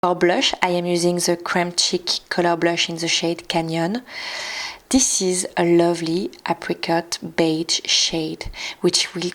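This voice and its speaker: A woman with a French accent, a native French speaker, narrating a makeup tutorial in a soft, careful way, with small restarts and slips in English. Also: lowish voice, little pitch movement, unhurried. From France. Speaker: beauty vlogger.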